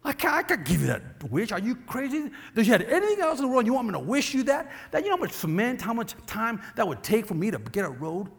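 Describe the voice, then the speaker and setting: A preacher doing an exasperated genie. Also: male voice, extremely high pitch, wildly swooping pitch, fast, gravelly, hardly any pauses, breathy edge, big-room sound, pitched above the performer's own voice, full character voice. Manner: incredulous, scolding. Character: exasperated male genie, incredulous and scolding.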